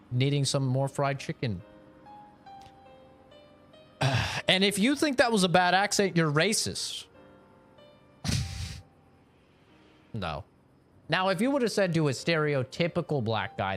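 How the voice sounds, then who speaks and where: A young man streaming a game, chatting casually with chat, joking, laughing and swearing freely. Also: medium pitch. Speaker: gaming streamer. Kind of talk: casual live-stream chat, reading chat requests.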